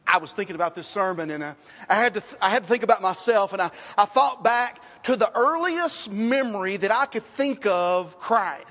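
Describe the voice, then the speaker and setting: Pastor, male, high voice, dramatic sermon delivery with sudden quiet drops, long hall reverb. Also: lively intonation, normal speed. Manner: dramatic preaching, swinging from loud rhetorical questions to hushed lines.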